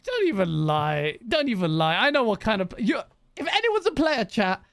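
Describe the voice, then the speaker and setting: A man's voice: high-pitched, big pitch swings, moderate pace, vocal fry, fairly bright tone, smooth, no room sound. A man hosting a podcast, teasing his guest with laughing banter. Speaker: podcast host. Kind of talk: casual chat.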